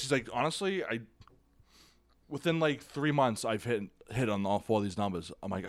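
A man co-hosting a casual sports podcast, joking loudly and ranting. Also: mid-range voice, huge pitch swings, moderate pace, no echo. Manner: loud, joking, sing-song rants. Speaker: podcast co-host.

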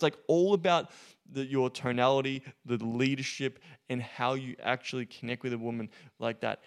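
A man's voice: mid-range voice, clean tone. A man hosting a solo podcast, talking bluntly and casually with lots of profanity and filler words, and acting out quoted dialogue as he tells stories. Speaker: podcast host and coach.

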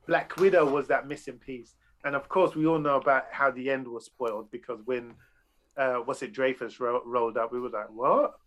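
A man's voice: mid-range voice, fairly even intonation, fairly quick, a bit bright. A man in casual podcast chat about films, talking in a loose, profane, enthusiastic way. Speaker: podcast panelist.

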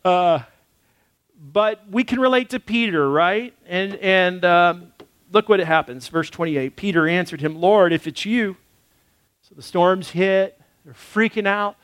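A male pastor gives a relaxed, lively sermon at a measured pace, now and then acting out quotes. His voice is high for a man, and the recording is dry and close with no room echo.

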